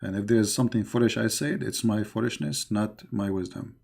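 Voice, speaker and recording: A call-in show host with a gravelly, dark male voice gives a casual closing talk on faith to his listeners. His voice is lowish and fairly quick, and his plain speech is full of fillers and repetitions.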